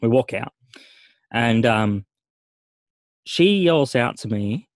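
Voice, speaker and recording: A man's voice: mid-range voice, slow, pauses often, dry recording. Middle-aged aussie guy on a podcast, retelling a run-in, swears a lot, does everyone's lines, dry close sound. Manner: animated retelling, swearing, acting out quoted voices. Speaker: podcast co-host. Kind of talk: casual storytelling chat.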